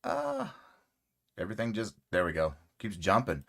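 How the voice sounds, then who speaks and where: A man hosting a casual crochet livestream, rambling relaxed and friendly with many fillers and greeting viewers by name. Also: lowish voice, normal speed, creaky.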